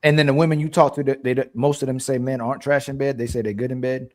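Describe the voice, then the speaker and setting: A man's voice: mid-range voice, flat delivery, fast talker, darkish tone. A man co-hosting a live-stream talk, probing with repeated follow-up questions.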